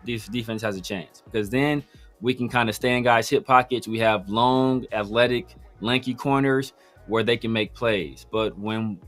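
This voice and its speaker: A man co-hosting a casual sports podcast, chatty and animated, acting out his own reactions. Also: medium pitch.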